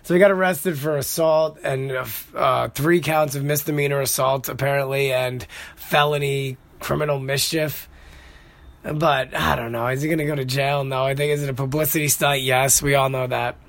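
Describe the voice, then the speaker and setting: A young man hosting a podcast, telling stories in a casual, excitable, profane way. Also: mid-range voice, moderate pace, vocal fry, no room sound. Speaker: podcast host. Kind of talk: casual monologue.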